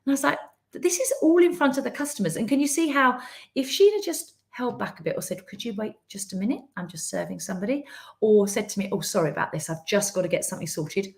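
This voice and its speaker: Animated woman telling a story. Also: medium pitch, fast, gravelly. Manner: animated storytelling with quoted voices. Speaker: business coach. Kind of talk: live-streamed business talk.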